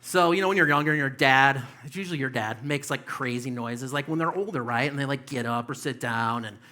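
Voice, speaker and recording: A man's voice: medium pitch, fairly quick, bright, forceful tone. A man in his fifties doing a stand-up comedy set on a club stage, rambling loosely with lots of fillers and swearing. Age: 50s.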